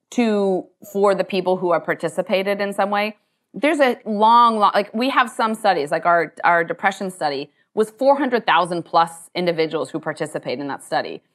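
Woman CEO, onstage Q&A guest, chatty and quick, filler-heavy, mid pitch. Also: fairly bright tone. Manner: talkative, quick, full of "like" and "um" fillers. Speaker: company CEO and co-founder. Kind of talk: onstage conversation, answering questions. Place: university lecture hall.

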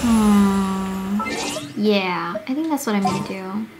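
A young woman giving casual commentary while playing a video game, excitable and swearing, gasping and squealing when her characters are in danger. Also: medium pitch, slow pace. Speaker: gaming streamer. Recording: game music playing behind.

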